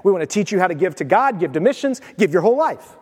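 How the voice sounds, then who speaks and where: High-voiced male pastor in reverberant hall. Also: sing-song, quick pace, breathy edge. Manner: conversational storytelling with direct questions to the congregation. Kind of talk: sermon.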